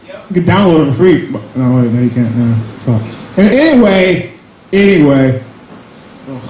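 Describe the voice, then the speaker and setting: A man's voice: a little high, sing-song, a little slow, darkish tone, reverberant, a little hiss or hum, rough recording. A young man doing a crude, self-mocking stand-up set at an open mic, full of jumpy asides. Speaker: stand-up comedian. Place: small cafe comedy night.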